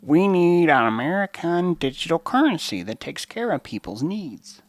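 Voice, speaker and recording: A man doing a mocking impression of a preachy female politician, slow and drawn out. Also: a little high, sing-song, no echo, voice pushed up.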